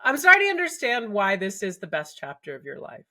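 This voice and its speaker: A woman's voice: medium pitch, huge pitch swings, a little fast. Podcast host, woman; friendly, teasing, wraps up the show. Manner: warm, playful, affectionate. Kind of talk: interview conversation.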